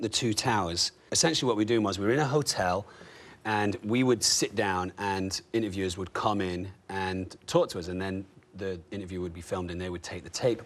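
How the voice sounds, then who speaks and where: A man from England, an actor chatting as a guest, rambling with lots of you know and like. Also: lowish voice. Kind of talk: casual chat.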